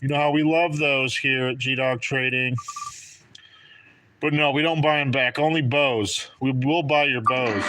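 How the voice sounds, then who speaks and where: A man's voice: medium pitch, fairly bright tone, a little hiss or hum. A man hosting a live trading card break stream, chatting and joking with viewers by name as he calls out draws. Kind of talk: casual live-stream commentary.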